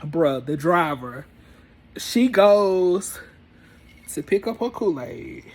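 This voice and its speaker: A man's voice: high-pitched, expressive, slow. A young man casually telling a story from his college days, laid-back and full of fillers. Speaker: storyteller host.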